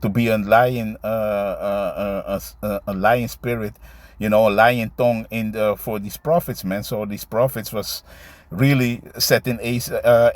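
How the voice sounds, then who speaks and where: A man preaching and reading scripture aloud in a loose, halting way, tagging his lines with "man" and "you see". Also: lowish voice, dry recording. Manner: halting, with many fillers and restarts while finding verses. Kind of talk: casual scripture teaching, reading verses aloud.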